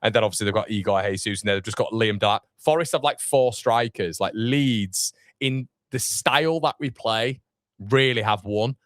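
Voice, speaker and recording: A man's voice: on the low side, normal speed, a bit bright, dry recording, clean studio sound. A man, hosting a fan watchalong live stream, chatting casually and rambling with fillers as he reads comments. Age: 30s. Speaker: fan channel watchalong host.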